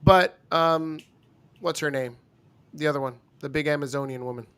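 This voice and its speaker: A man's voice: a little high, steady tone, moderate pace, a bit bright, clear, resonant tone. A young man co-hosting a wrestling review, talking in casual, joking banter with teasing asides.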